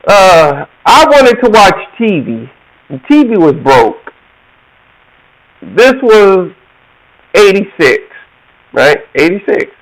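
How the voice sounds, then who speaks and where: A man from the American South tells a story slowly and casually, his voice high and bouncing all over. He slips into other people's voices as he tells it, and he laughs often. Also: rough recording. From Georgia, USA. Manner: animated, laughs often, acts out quoted voices.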